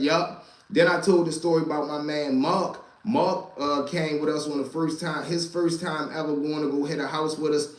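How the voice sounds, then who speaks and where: A man telling street stories to a live chat, animated and profane, talking straight to his listeners as y'all. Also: mid-range voice, reverberant. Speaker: storyteller and stream host.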